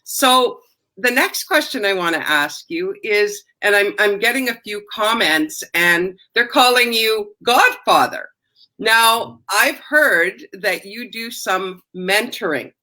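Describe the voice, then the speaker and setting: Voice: mid-range voice, lively intonation, slow pace, bright, forceful tone, rough recording. A host interviewing a guest, encouraging him with frequent affirmations.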